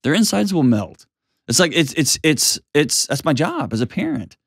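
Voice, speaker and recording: Blunt, animated man hosting an advice show. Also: on the high side, normal speed, vocal fry, no room sound, clean studio sound. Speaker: host.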